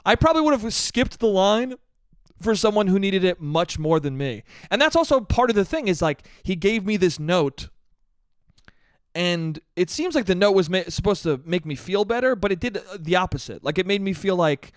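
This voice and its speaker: A man hosting a solo podcast, ranting in an exasperated, profane way and mimicking other people in flat voices. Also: sits high, normal speed, no echo, clean studio sound. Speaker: podcast host. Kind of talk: solo comedic rant.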